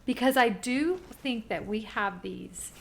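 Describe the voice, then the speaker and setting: A woman in her forties co-hosting a podcast, telling a story in a casual, animated way and acting out what people said. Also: a little high, measured pace, creaky. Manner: animated storyteller, acts out quoted voices. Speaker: podcast co-host.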